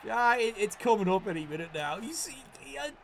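A man commentating a tabletop-style video game match casually, excitable and profane, stammering when worked up. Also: high-pitched, brisk, background noise.

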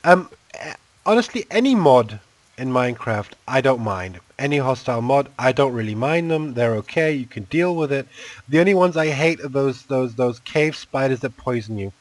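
A man's voice: mid-range voice, lively intonation, normal speed, dry recording. A man chatting casually while playing a video game with a friend, rambling and often restarting his sentences. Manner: rambling, self-interrupting, laid-back. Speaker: channel host, game player. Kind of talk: casual gameplay chat.

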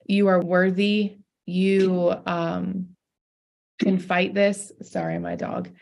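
Low creaky-voiced woman sharing her story. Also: level tone, takes it slowly, a little mellow. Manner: heartfelt, earnest, laughs through tears. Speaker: podcast guest, pastor. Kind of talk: emotional personal story.

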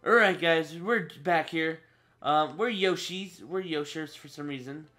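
Talking to his viewers over game music, a teenage gaming channel host does casual let's play commentary, growing frustrated and cursing. His voice is on the high side, bright and forceful, at a measured pace.

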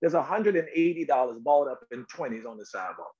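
In a storytelling interview, a middle-aged actor guest from North Carolina speaks quickly at a medium pitch over lo-fi sound. He's an animated storyteller who repeats words and voices out the quotes.

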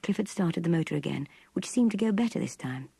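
An older woman narrating a classic novel in an intimate, breathy half-whisper. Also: on the low side, expressive, a little fast, dark tone, no echo. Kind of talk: audiobook reading of a classic novel.

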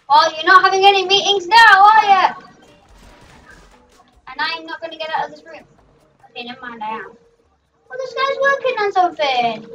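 A young gaming host rambling through excitable let's play commentary, shrieking at what happens in the game. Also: sits high, a little hiss or hum. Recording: dull, distant mic with faint music.

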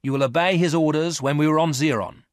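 A man's voice: on the high side, fast, dry recording, clean studio sound, voice pushed up, lightly acted. A man reading aloud, voicing a scheming, greedy woman space traveller, cool and commanding.

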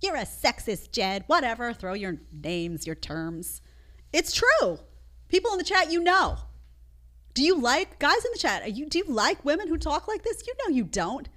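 A woman's voice: high voice, very animated, moderate pace, fairly bright tone. A woman hosting a live show, reacting to clips in an emphatic, opinionated way and talking straight to her chat.

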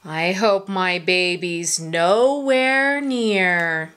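A woman's voice: lowish voice, drawn-out words, a bit bright, clear, resonant tone. A woman reading a picture book aloud to young children at story time. She speaks in a sing-song way, asks the children questions and drops into whispers for asides.

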